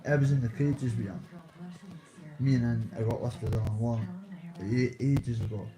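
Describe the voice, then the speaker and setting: A man's voice: mid-range voice, steady tone, a little slow, crowd noise, poor audio. A man in his thirties with a Dundee Scottish accent, rambling through casual street stories in slang with swearing. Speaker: vlogger.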